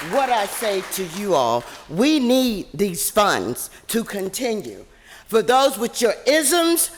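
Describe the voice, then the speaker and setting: A woman's voice: medium pitch, fairly bright tone. Older lady preaching at city council, fired up, voice swoops a lot, big echoey room. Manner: fiery, preacher-like, chanting slogans. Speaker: community activist giving public comment. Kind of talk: impassioned public testimony.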